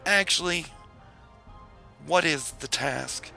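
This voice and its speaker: A man's voice: on the high side, slow, vocal fry, bright, forceful tone, faint music behind, pitched above the performer's own voice, exaggerated voice. A man voicing a touchy, skeptical male fae mage who speaks with dry sarcasm.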